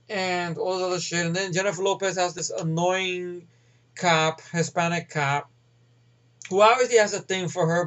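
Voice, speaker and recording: Male movie ranter: high voice, rambling and profane, slightly muffled audio. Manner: rambling, profane, many fillers. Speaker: movie reviewer. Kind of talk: casual movie rant.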